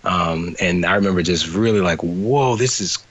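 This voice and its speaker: A man from New Orleans, a guest in an interview, telling a story in lively detail over a remote call that cuts out. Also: sits low, normal speed, dull audio. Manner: animated retelling with quoted voices and laughter. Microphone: remote call, cutting out.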